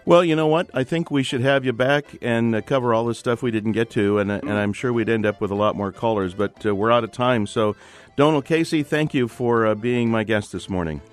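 A man hosting a call-in radio show, halting and searching for words. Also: mid-range voice, faint music behind. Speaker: radio host.

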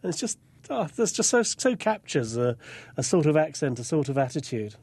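A man's voice: a little high, very animated, moderate pace, darkish tone, breathy edge, dry recording. An English man speaking as a guest on a radio call-in show, thinking aloud and often repeating words. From England. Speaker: guest correspondent.

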